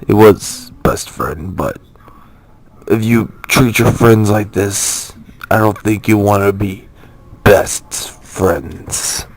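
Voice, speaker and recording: An amateur actor playing a male documentary-style narrator who speaks in a slow, halting, mock-serious way. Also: on the low side, gravelly, exaggerated voice, low-quality recording.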